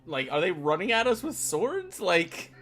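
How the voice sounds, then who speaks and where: Lively-voiced tabletop player. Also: medium pitch, measured pace, faint music behind. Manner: tentative, questioning. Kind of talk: casual tabletop play.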